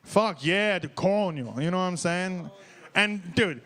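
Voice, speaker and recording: A young man from Detroit doing a profane, excitable, rambling stand-up set on stage at a small bar open mic. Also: high-pitched, a little slow.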